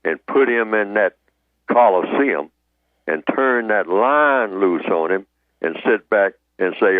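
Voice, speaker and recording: A man speaking as the guest on a live radio talk show, telling blunt, drawn-out stories with street slang. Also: on the low side, expressive, no room sound, phone-quality sound.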